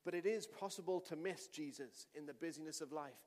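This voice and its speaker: Male pastor, high voice, animated storytelling sermon, long hall reverb. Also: fairly quick. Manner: animated storytelling, shouting at climaxes.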